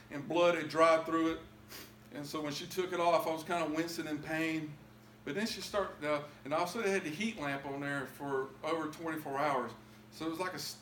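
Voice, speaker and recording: A man giving a heartfelt personal testimony, stumbling over and repeating his words as the feeling rises. His voice sits a little on the high side. The recording has an echoey room with a faint hum behind him. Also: a bit bright. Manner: emotional, repeats words, builds to cries. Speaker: testimony speaker.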